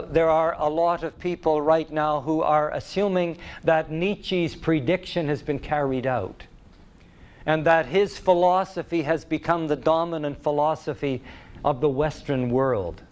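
A man preaching a sermon in a deliberate, emphatic way, repeating key phrases for weight. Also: a little high, darkish tone, smooth.

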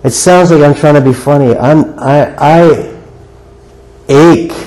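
A man's voice: on the high side, slow, mellow, poor audio. Older male preacher, earnest and conversational. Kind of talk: sermon. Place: church sanctuary before a congregation.

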